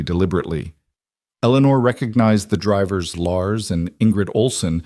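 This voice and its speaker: A male narrator telling a frontier story in a calm, even read. His voice is on the low side. The recording is dry with no room sound. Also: no room sound. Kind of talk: scripted narration.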